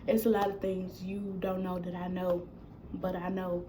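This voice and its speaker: A woman's voice: lowish voice, normal speed, noisy background. Young woman telling a casual storytime. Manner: casual, animated retelling with quoted dialogue. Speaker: vlogger. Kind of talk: storytime vlog.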